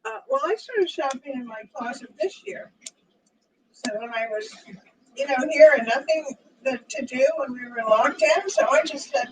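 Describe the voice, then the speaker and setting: High, lively woman chatting on a porch. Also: normal speed, poor audio. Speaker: friend and guest. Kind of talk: casual chat. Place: outdoors on a back porch. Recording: faint outdoor noise.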